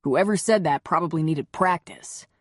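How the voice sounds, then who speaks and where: A woman doing a tender, reassuring man who speaks low and soft. His voice is slightly husky and close, with a dry sound. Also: normal speed, no echo, lightly acted.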